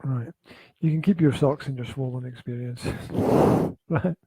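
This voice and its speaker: A man hosting a casual podcast from his flat, joking, teasing and laughing often. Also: mid-range voice, measured pace, breathy edge, dry recording, rough recording. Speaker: podcast host. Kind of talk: casual chat. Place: home flat.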